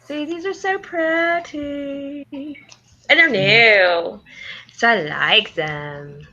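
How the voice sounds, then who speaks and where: Female guest, bubbly and lively, bright tone, dull lo-fi recording. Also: on the high side, very slow. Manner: bubbly and enthusiastic. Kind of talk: casual chat. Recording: dull lo-fi sound.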